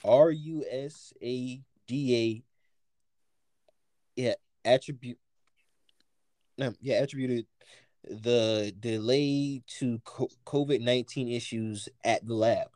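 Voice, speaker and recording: Halting, casual man reading the news. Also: mid-range voice, fairly even intonation, a little mellow, no echo. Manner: halting reading full of "like" and "you know". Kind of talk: casual chat, reading a news article aloud.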